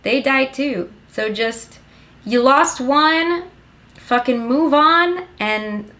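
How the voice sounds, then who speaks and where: A woman's voice: high-pitched, extremely slow, pushed and bright. A young woman giving a rambling, sarcastic and profane comedic plot summary of a film. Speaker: comedic movie recapper.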